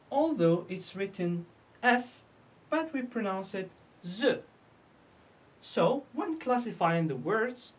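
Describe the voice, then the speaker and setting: A woman teaching English pronunciation, asking and answering her own questions and repeating each word. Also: mid-range voice. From North Africa. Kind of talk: slow classroom lesson.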